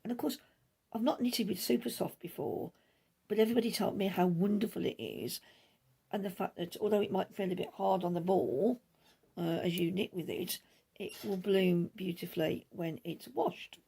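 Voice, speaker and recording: Chatty middle-aged host, gravelly and a touch husky, rambles fast with asides. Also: female voice, mid-range voice, dark tone. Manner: rambling, chatty, talks quickly with many asides. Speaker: knitting podcast host. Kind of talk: casual chat.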